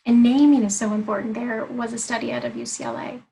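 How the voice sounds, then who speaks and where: A woman life and executive coach talking through her ideas in an interview, earnest and methodical as she builds her points step by step. Her voice sits a little on the high side, and a faint hiss of noise runs under the recording. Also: expressive, fast talker, warm tone, rough recording. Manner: earnest, explanatory, walks through points one by one. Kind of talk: interview conversation.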